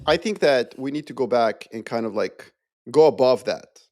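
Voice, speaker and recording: A man, a podcast guest, explaining his view with animated storytelling and playful asides. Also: mid-range voice, moderate pace, dry recording, studio quality, soft background music. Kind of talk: casual geopolitical discussion.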